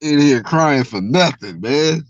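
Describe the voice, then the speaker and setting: Male streamer, profane live reaction rant, mocking; lively pitch, flat lo-fi recording with no room sound. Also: slow, no echo. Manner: mocking, animated, breaks into shouted impressions. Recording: dull lo-fi dry recording.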